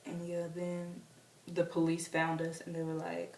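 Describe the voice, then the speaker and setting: A young woman telling a story to camera in a casual, animated way, acting out quotes in squealing voices. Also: lowish voice, a little slow, distant mic. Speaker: vlogger. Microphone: camera mic from a distance. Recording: roomy, off-mic, faint hiss.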